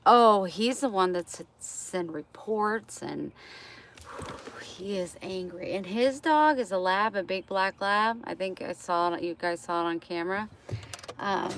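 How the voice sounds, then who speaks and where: A woman's voice: medium pitch, unhurried, a bit bright, soft background music. A woman vlogging on her phone, talking frankly to her viewers and cooing at cats. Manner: cooing baby talk to cats, then frank venting to viewers. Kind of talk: casual vlog chat. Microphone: phone held in hand.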